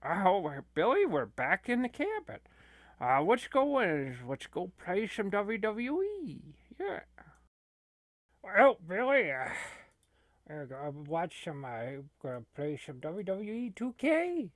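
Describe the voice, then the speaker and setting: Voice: medium pitch, wildly swooping pitch, slow pace, no room sound, studio quality. A performer playing a folksy male gamer with a shaky put-on Minnesotan accent who rambles, with lots of fillers, in a comedy gaming sketch.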